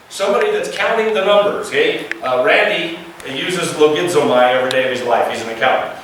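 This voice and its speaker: A male pastor preaching a lively sermon, asking the congregation questions and acting out the voices he quotes. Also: on the high side. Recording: echoey room, mic at a distance, faint background noise.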